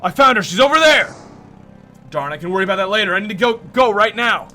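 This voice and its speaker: A man's voice: high voice, lively intonation, fast talker, sharp tone, faint music behind, voice pushed up. A man reading a game aloud, voicing a desperate young woman on the run with urgent, breathless exclamations. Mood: frantic.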